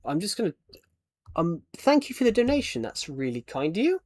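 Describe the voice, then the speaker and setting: A young man with a British accent talks casually on a game stream, thanking viewers and donors and trailing off into restarts. His high voice is very animated and brisk, with a slightly mellow quality.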